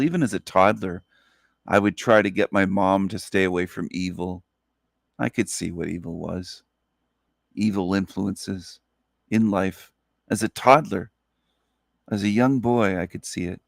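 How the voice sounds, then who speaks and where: A man talking slowly and earnestly in a solo monologue, sleepy after a night awake, repeating his phrases. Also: sits low, fairly even intonation, creaky, dry recording, clean studio sound. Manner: slow, earnest, repetitive phrasing. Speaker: channel host.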